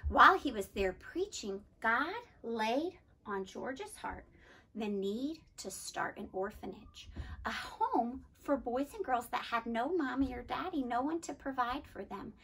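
A woman's voice: fairly high pitch, a little slow, breathy edge. A woman leading a children's club, talking playfully to kids at home and telling them a story. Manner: lively and playful, addressing kids directly. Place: church setting, streamed to children at home.

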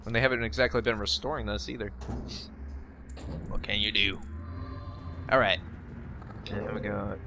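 Speaking at normal speed in a fairly low, fairly even voice and pausing often, a young let's play gamer offers casual, jokey commentary amid background noise. He talks back to the game and swears occasionally, using a facecam desk mic with game music underneath.

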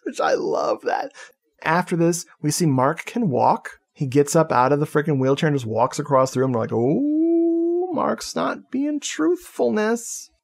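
A man's voice: on the high side, moderate pace. Jokey, swearing male podcast host. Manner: profane, jokey, laughs often. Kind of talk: casual movie recap chat.

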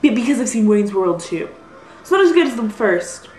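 A woman's voice: fairly high pitch, big pitch swings, normal speed, darkish tone, roomy sound, faint music behind, poor audio. Rambling, apologetic young woman vlogger. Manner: rambling, apologetic, self-deprecating. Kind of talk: rambling casual vlog. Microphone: built-in computer mic.

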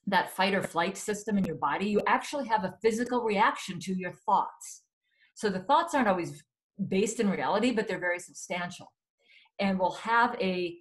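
A woman's voice: mid-range voice, rough recording. A woman speaking as an expert guest in a webinar conversation, earnest and explanatory, sometimes correcting herself mid-sentence.

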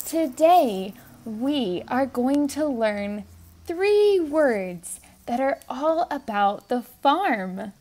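Woman, young adult, story time leader, sing-song, bouncy lively pitch, high voice. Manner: sing-song, coaxing, sounds words out slowly. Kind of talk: teaching toddlers words.

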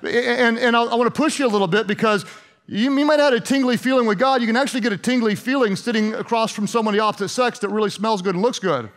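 A male pastor with a high voice for a man, preaching in a loose, conversational way. He turns sarcastic to make his points and stumbles over repeated words as he talks. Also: fast, a bit bright. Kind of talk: sermon.

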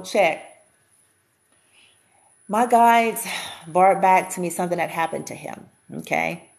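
Blunt, chatty woman with a lowish voice. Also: vocal fry. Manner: chatty and blunt, swears freely; repeats and restarts while thinking aloud. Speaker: spiritual reader. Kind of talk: casual spiritual talk to viewers.

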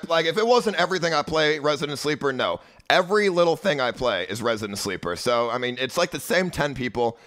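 A man's voice: mid-range voice, a bit bright. Profane, agitated young male streamer. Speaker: live streamer. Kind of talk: livestream rant at chat.

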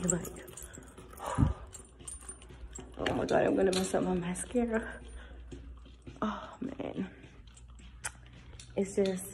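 A young woman vlogging casually outdoors, chatty and excitable, talking straight to her viewers on a handheld phone. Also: medium pitch, gravelly, background noise. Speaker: lifestyle vlogger. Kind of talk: casual vlog tour. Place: outdoors, rooftop and parking area.

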